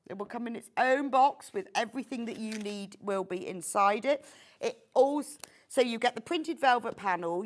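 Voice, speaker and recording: Gushing woman selling craft kits. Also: mid-range voice. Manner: gushing, chatty and enthusiastic. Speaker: shopping show presenter. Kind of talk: live home-shopping presentation.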